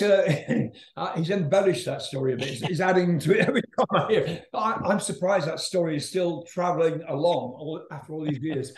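A man's voice: on the high side, a little mellow. An older man, a rock singer, telling a rambling story in a casual interview, laughing and swearing as he goes. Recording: roomy echo.

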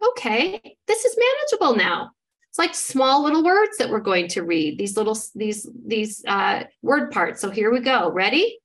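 Higher-voiced woman teaching word decoding. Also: sing-song, moderate pace, fairly bright tone. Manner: models decoding step by step, encouraging. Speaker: literacy trainer. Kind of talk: instructional demonstration.

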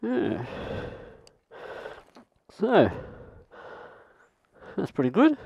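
A man's voice: high voice, huge pitch swings, drawn-out words, gravelly, darkish tone, slightly rough, no echo, lo-fi sound. An Australian man vlogging outdoors in the bush, rambling and swearing mildly as he chats. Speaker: travel vlogger. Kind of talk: casual self-filmed chat.

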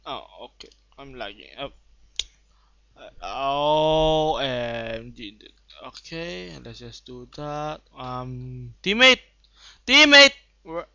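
A young man giving live gameplay commentary, bursting into excited shouts and then muttering low asides. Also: clear, resonant tone, no room sound. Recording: dull lo-fi home recording.

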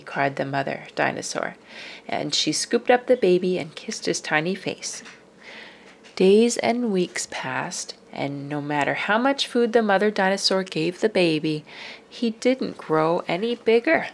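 Storybook reader, woman, low-pitched and expressive, faint hiss behind. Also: measured pace, vocal fry. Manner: expressive, drops to whispers for suspense. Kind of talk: children's book read-aloud.

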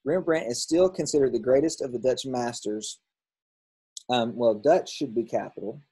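A man teaching a grammar lesson, working through workbook answers out loud, thinking aloud and correcting himself as he goes. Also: medium pitch, normal speed, slightly rough, rough recording.

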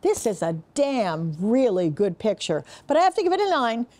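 Slightly high-voiced older woman co-hosting. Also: sing-song, normal speed, a little mellow. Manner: playful, teasing, chatty. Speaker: film review co-host. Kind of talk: casual chat. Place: production studio.

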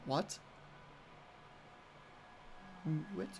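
A streamer giving live gameplay commentary, reacting excitably with plenty of swearing and reading out chat messages. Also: drawn-out words, noisy background.

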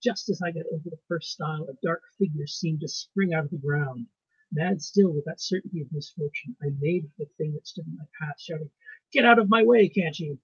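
A man reading his ghost story aloud with a measured, suspenseful delivery and pauses. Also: a little high, fairly even intonation, a little mellow, breathy edge, no echo. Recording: muffled lo-fi recording.

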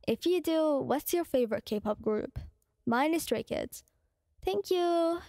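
A woman's voice: high voice, lively intonation, slow, gravelly, warm tone, dry recording, studio quality. A woman who makes ASMR videos, chatting casually and ramblingly to her viewers. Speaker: ASMR creator.

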